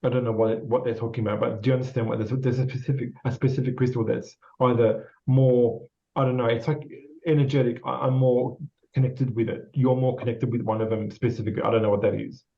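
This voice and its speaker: An Australian psychic medium gives a casual spirit reading to a guest, his mid-range voice gravelly, dark, fast and flat. He rambles encouragingly, full of repetitions and fillers, and the lo-fi recording sounds slightly dull.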